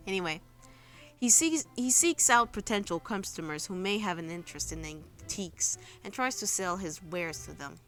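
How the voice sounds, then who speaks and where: A woman's voice: lowish voice, a bit bright. A woman streamer giving blunt, self-mocking commentary with frequent swearing. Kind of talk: casual game commentary.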